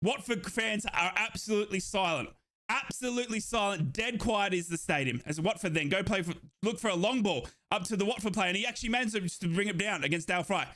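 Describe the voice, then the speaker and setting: A young man giving excited fan commentary on a live football match, shouting in euphoric bursts and out of breath. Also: high-pitched, brisk. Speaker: fan watchalong streamer.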